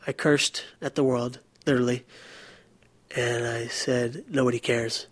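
Young man, earnest halting delivery, dry close sound. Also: medium pitch, little pitch movement, dry recording. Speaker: interviewee. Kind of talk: recounting personal story.

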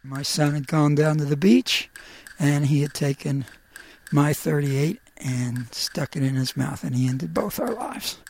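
Middle-aged man, gravelly voice, slightly high, halting emotional storytelling. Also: a little mellow. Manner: halting and emotional, with pauses and fillers. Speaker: storyteller recounting his own life. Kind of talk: personal storytelling.

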